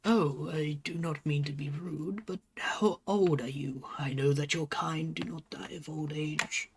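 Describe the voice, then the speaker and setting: An old male turtle mutant leader from a tabletop game speaks slowly and with grave courtesy, voiced by the game master. His pitch sits in the middle. Faint background noise runs under the voice. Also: steady tone, natural voice. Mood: polite. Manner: slow, courteous, formal.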